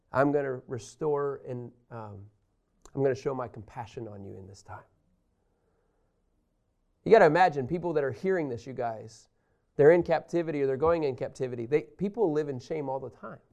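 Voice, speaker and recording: Pausing often and speaking at a moderate pace, a man with a slightly high voice teaches from the Bible. He reads passages aloud and explains them in an animated, emphatic manner directed straight at his listeners.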